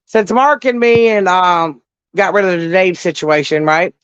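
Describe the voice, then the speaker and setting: A middle-aged woman caller telling stories in casual chat, animated and full of swearing. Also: fairly low pitch, unhurried, smooth, no room sound, muffled recording. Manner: profane, animated storytelling.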